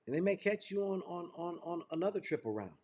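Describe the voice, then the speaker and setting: High-voiced man giving fervent sales training. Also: sing-song, quick pace, a little mellow. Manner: fervent, repetitive, preacher-like build-ups. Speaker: business trainer. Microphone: video call.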